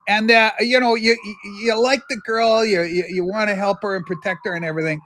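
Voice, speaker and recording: An older man from Canada, co-hosting a casual livestream and telling a rambling story with lively asides. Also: high-pitched, brisk, hardly any pauses, no room sound. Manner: animated, jumps between asides and acted quotes. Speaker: livestream co-host.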